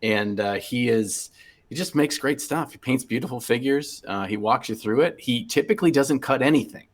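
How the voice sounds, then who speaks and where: A man's voice: medium pitch, moderate pace. A man guest on a podcast, telling a story in an easygoing way and laughing often. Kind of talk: casual chat.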